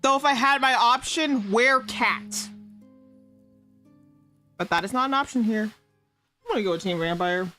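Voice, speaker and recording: A woman's voice: fairly high pitch, expressive, fairly quick, bright, forceful tone, soft background music. A woman streamer doing giggly, playful improvised role-play, stumbling over made-up fantasy names.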